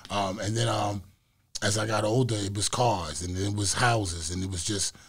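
A middle-aged man with a New York accent, speaking in a fairly low voice. He talks through his thoughts in a loose, reflective way, circling back and repeating phrases as he answers an interviewer. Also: steady tone, moderate pace, breathy edge. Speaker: interview guest, former boxer. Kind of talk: casual interview talk.

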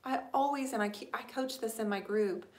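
A woman hosting a casual live stream, chatting warmly and thanking viewers by name as she answers their questions about painting furniture. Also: fairly high pitch, brisk. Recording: echoey room.

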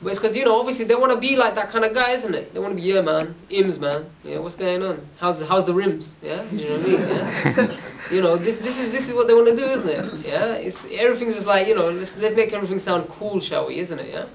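Far from the mic, with a little hiss or hum in the recording, a high-voiced man talks fast as he gives young people an informal religious talk. His stories come out casual and conversational, and nearly every phrase ends with "yeah?".

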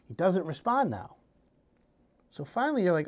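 A man giving casual home improvement advice, telling scenarios in an animated way. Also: high voice, moderate pace. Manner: animated storytelling, acting out scenarios.

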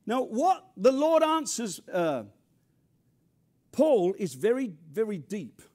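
An older man from near London preaching a sermon with an English accent, animated and humorous, dropping from loud emphasis to quiet asides. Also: high voice, takes it slowly. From England. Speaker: pastor.

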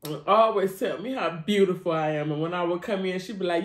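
A woman's voice: fairly low pitch, lively intonation, normal speed, roomy sound. A woman vlogging, grieving and heartfelt, with a casual cussing manner, crying at times. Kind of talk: tearful personal vlog.

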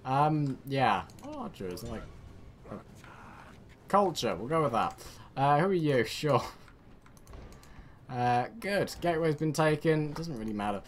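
A British man from the United Kingdom giving rambling, excitable game commentary with sarcastic asides. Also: medium pitch, unhurried, pauses often, slight background noise. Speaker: let's play gamer.

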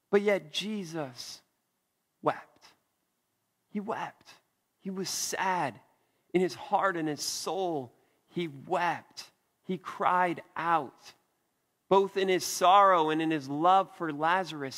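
A man preaching a sermon as pastor, earnest and deliberate, with soft emphatic pauses. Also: high voice, long reverb tail. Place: church.

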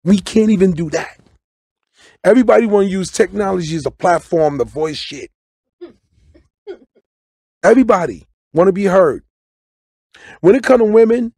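Gravelly, husky man riffing loudly. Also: sits high, no echo, studio quality. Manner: loose, preachy riffing with sudden loud bursts and profanity. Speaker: guest comedian and actor. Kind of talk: casual interview talk. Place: radio studio.

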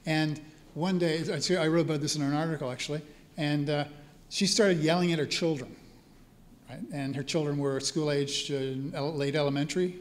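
Speaking at a moderate pace with fairly even intonation, this man's voice sits on the high side. He's a priest and spiritual care teacher giving a storytelling talk at a church hall, chatting with the live audience and frequently checking in with them.

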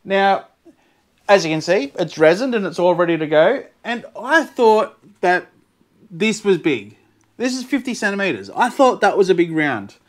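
An Australian man, excitable and quick to laugh, chatting casually to camera as a fluid art vlogger. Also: sits high. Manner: excitable, laughs often, bursts into shouts.

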